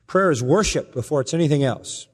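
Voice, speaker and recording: A man's voice: fairly high pitch, expressive, slightly rough. Earnest preaching man in a reverberant hall. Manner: earnest storytelling, slows and softens for emotional quotes. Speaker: pastor. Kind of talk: sermon. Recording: long reverb from a large hall.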